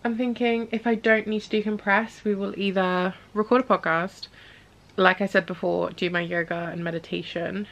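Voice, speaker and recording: A woman's voice: medium pitch, steady tone, normal speed, vocal fry, a bit bright. A young woman talking casually to camera at home in a rambling daily vlog, full of self-deprecating asides. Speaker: vlogger.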